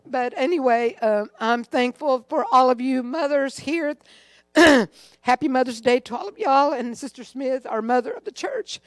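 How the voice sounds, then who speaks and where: A woman's voice: high voice, normal speed, no echo. An older woman giving an emotional, rambling testimony in church. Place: church sanctuary.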